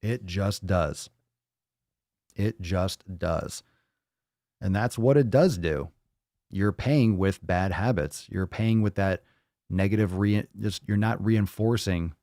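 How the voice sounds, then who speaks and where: A man with a low voice hosts a casual livestream, talking bluntly in a loose, rambling way and swearing freely. The sound is close and dry, with no room around it. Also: a little mellow, no echo. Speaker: livestream host.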